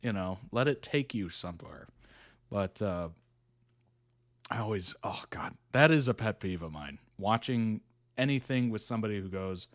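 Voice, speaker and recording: A man's voice: fairly low pitch, animated, moderate pace, no room sound, clean studio sound. A middle-aged man hosting a reaction video, chatting in an easygoing way and laughing often. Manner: reads article text aloud plainly. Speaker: reaction channel host. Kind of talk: casual reaction commentary.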